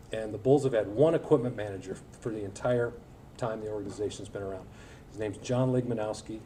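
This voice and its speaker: A man's voice: lowish voice, warm tone, distant mic, slight background noise, poor audio. A man in his forties, an alumni guest speaker, telling anecdotes to an audience in a folksy, humorous way with lots of filler words. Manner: folksy storytelling with frequent filler words and self-deprecating humor. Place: event hall at a school breakfast.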